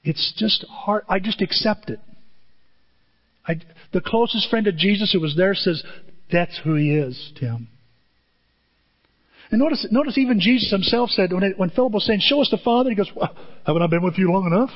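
A middle-aged man preaching a sermon, telling stories with lively jumps in pitch and quick asides. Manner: animated storytelling with sudden pitch jumps and asides. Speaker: pastor. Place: church auditorium. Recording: dull sound in a reverberant hall.

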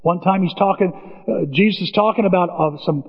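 A man preaching a sermon as a pastor, telling stories with animated delivery. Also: high-pitched, fairly quick, slightly rough. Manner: animated storytelling, acts out biblical voices. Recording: dull, reverberant church recording.

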